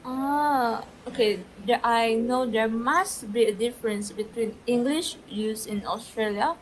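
A woman's voice: fairly high pitch, unhurried, a little hiss or hum, poor audio. A young woman hosting a podcast interview, asking questions and wrapping up the episode. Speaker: podcast host.

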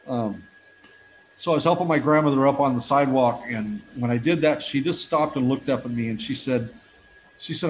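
A man's voice: medium pitch, moderate pace, long pauses, slight background noise, rough recording. A man in his fifties giving a heartfelt personal testimony at a recovery meeting, telling stories earnestly with frequent restarts.

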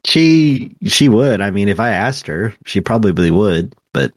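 A young man co-hosting a podcast in relaxed, rambling chat, often laughing and restarting his sentences. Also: lowish voice, a little slow, no echo, studio quality. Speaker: podcast co-host. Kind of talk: casual chat.

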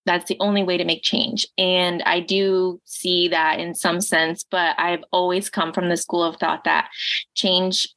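A woman's voice: fairly low pitch, level tone, measured pace, fairly bright tone, no echo. A woman hosting a casual podcast, reflecting thoughtfully on a guest's point. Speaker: podcast host.

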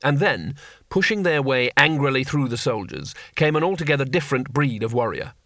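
A man narrating an audiobook with expressive storytelling. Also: medium pitch, a little fast, no room sound, studio quality. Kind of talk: scripted narration.

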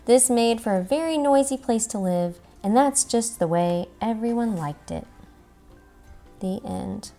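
A young mother reading a children's story aloud, expressive and gentle, pausing to chat with her child. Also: fairly high pitch, faint music behind. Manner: gentle, expressive, chatting with the child between pages.

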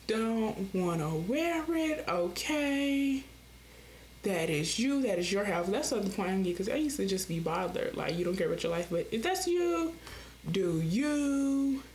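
Young woman, podcast host, sassy rambling chat, highish voice, faint background noise. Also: normal speed. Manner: animated, sassy, jumps into mimicked voices. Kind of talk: casual rambling monologue.

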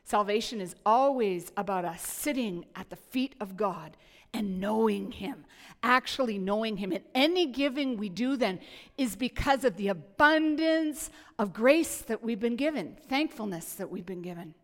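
A woman pastor preaching a sermon in an animated, playful way, often restarting her sentences. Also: on the high side, normal speed, long reverb tail.

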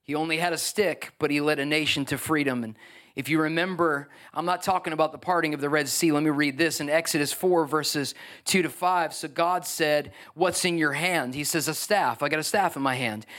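A man preaching a lively sermon as pastor, acting out the voices of biblical figures. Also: a little high, fairly quick.

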